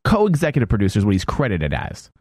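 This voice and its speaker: A man's voice: on the low side, huge pitch swings, fast talker, darkish tone, breathy edge, dry recording, clean studio sound. A man co-hosting a casual podcast, explaining facts in a wry way. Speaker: podcast co-host.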